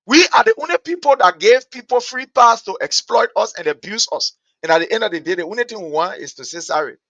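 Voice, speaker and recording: A man with a Liberian English accent, hosting a show with impassioned, repetitive political commentary that builds to shouting. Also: sits high, lively intonation, fast talker, no echo, dull audio. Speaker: talk show host.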